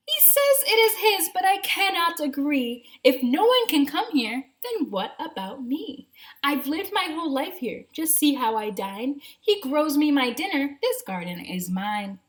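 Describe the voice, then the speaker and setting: A woman voicing a small, possessive garden rabbit in a high, sing-song read-aloud voice. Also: big pitch swings, measured pace, rough recording. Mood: indignant.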